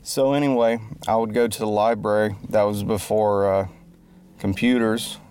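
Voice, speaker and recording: A man's voice: fairly low pitch, fairly even intonation, normal speed, darkish tone, clear, resonant tone. A man who calls himself a musician and entertainer rambles through a joking, self-deprecating monologue and keeps losing his train of thought. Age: adult, grew up before the internet. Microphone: close mic.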